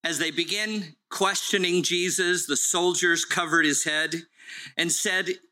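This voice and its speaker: A man's voice: on the high side, fairly even intonation, measured pace, bright, forceful tone, low-quality recording. A man preaching a sermon as pastor, in an earnest storytelling way.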